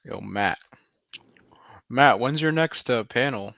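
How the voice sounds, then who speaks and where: A man's voice: medium pitch, lively intonation, takes it slowly, gravelly, fairly bright tone, no room sound. A man in his twenties chatting casually on a live voice call, rambling in slang with lots of "like" and "bro". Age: 20s. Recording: dull lo-fi mic.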